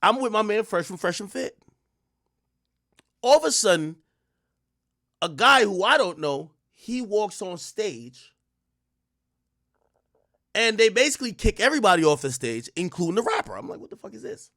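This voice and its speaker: A man in his thirties hosts his stream and tells a story in casual, profane street slang. His voice sits high and swings widely in pitch, jumping from loud outbursts to low mutters. The sound is dry and close to the mic. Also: moderate pace, long pauses, dry recording. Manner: animated, swings between loud bursts and muttered asides. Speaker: streamer host.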